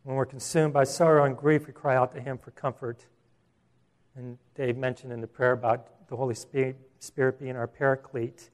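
This pastor's sermon comes in a medium-pitched, flat delivery. Earnest throughout, he often starts phrases over and eases his pace for emphasis.

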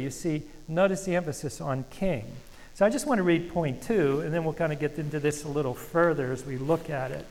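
Male pastor, sermon, earnest, halting restarts, slightly high voice, long hall reverb. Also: darkish tone. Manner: earnest, halting with restarts, slows for scripture reading.

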